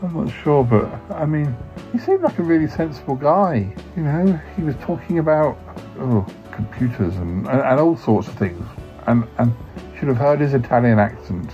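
A man's voice: mid-range voice, expressive, normal speed, dark tone. Fretful man stammering. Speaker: podcast host. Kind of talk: comedy sketch acting. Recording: dull lo-fi sound, faint music.

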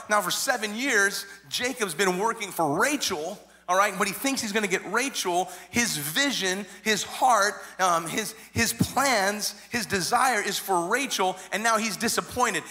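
High bright-voiced man preaching. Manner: animated storyteller, acts out quoted voices; frequent repeated words and restarts. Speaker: pastor. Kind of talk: sermon storytelling.

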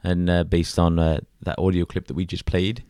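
Man, deep voice, rambling profane co-host, dry recording. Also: level tone, moderate pace, dark tone, dry recording. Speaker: podcast co-host. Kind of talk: casual crude banter.

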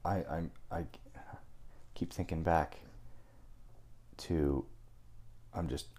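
Very deep, husky-voiced woman interviewer. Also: fairly even intonation, extremely slow, dark tone. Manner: probing questions, plays devil's advocate. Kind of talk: conversational interview.

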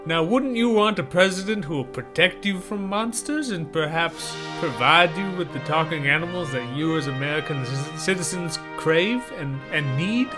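A man's voice: a little high, lively intonation, moderate pace, hardly any pauses, over music, pitched above the performer's own voice, close to an everyday voice. A man voicing a blustering male politician with a put-on Southern US accent, giving a pompous stump speech.

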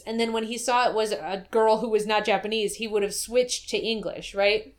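A woman's voice: mid-range voice, normal speed. A woman in casual chat, recapping a game's plot and acting out the characters' lines as she goes. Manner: animated storyteller, acts out quotes. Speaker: podcast co-host.

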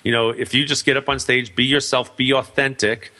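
A man's voice: medium pitch, level tone, a little fast, sharp tone. A man hosting a radio talk show, upbeat and affirming toward his guest. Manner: upbeat, affirming, laughs along. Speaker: radio host. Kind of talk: casual radio interview.

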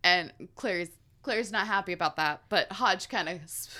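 A woman's voice: medium pitch, normal speed, pushed and bright. A woman co-hosting a casual podcast, recapping a book chapter in a chatty way and laughing often. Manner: chatty, laughs often while recounting the story. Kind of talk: casual chat.

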